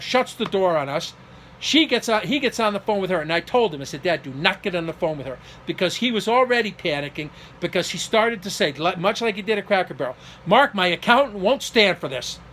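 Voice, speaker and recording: A middle-aged man telling a personal story in an emotional monologue, getting agitated and acting out the people he quotes, at times close to shouting. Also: sits high, slight background noise. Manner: agitated, acts out quoted dialogue, rising to near shouting.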